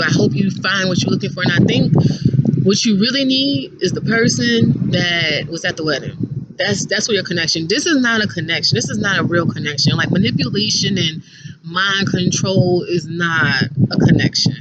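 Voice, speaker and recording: A woman's voice: lowish voice, normal speed. A woman vlogging casually to her viewers, reading scripture and lyrics aloud and answering them in an earnest, emotional, repetitive way. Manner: earnest, emotional, repeats herself. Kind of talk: casual vlog addressing viewers. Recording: dull lo-fi sound with clear background noise.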